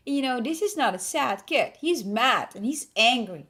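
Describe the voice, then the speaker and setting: High-voiced woman retelling a story. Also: unhurried, hardly any pauses. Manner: animated storyteller, laughs often, acts out scenes. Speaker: podcast co-host. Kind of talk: casual chat.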